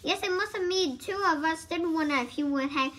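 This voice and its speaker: A blunt young woman with a sharp tongue, read by a woman. The voice is high and bright. The read stumbles now and then. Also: a little hiss or hum. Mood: brisk. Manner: reads haltingly, stumbling over words.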